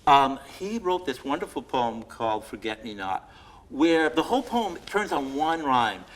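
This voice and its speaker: A man reading his own poems aloud to a live audience at a museum event, reciting with loud emphasis and adding chatty, self-deprecating asides full of fillers and laughter. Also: medium pitch, big pitch swings, unhurried, a little hiss or hum, rough recording. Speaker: poet receiving an award.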